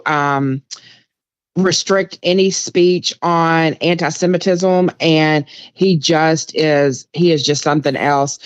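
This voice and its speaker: Indignant female co-host, quick and blunt, remote line with a dull sound. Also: deep voice, dry recording. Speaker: guest co-host. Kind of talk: live political chat over a call.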